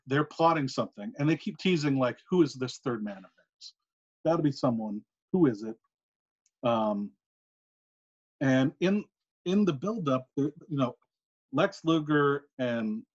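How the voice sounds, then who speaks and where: A man co-hosting a podcast, telling a long story in a casual, animated way with quick asides. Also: on the high side. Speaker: podcast co-host. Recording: muffled lo-fi recording.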